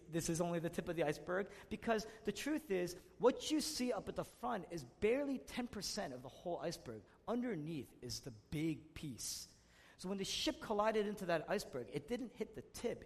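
A man preaching a sermon, swinging between loud emphatic passages and hushed, intimate ones. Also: fairly high pitch, slightly rough. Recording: long hall reverb.

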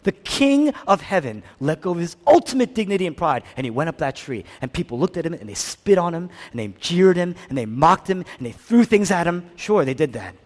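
A man preaching a sermon as pastor, swinging between loud, emphatic build-ups and hushed near-whispers, with repeated questions to the congregation. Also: a little high, sing-song, brisk, hardly any pauses.

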